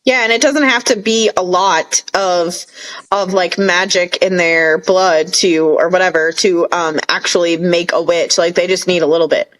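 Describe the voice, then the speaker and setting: A woman co-hosting a casual podcast about a TV show, who retells scenes in an animated way and laughs often. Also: fairly low pitch, normal speed, low-quality recording. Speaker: podcast co-host. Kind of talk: casual TV recap chat.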